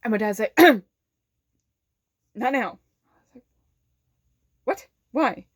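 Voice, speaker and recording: A young woman vlogger telling a personal story casually, animated, swearing often and filling her talk with "like", laughing between lines. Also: fairly high pitch, slow pace, breathy edge, dry recording, studio quality. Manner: many fillers of "like".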